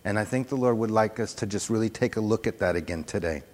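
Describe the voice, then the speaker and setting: A man preaching a sermon, soft-spoken and earnest, repeating phrases for emphasis, into a microphone on a church sound system. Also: fairly low pitch, quick pace. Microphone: handheld or stand microphone on a PA. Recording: long hall reverb.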